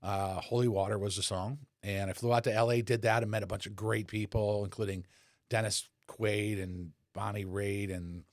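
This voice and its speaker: A man in his sixties, a podcast guest and former rock bassist, telling relaxed, rambling anecdotes with lots of fillers. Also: normal speed, no echo, clean studio sound. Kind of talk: casual conversational storytelling.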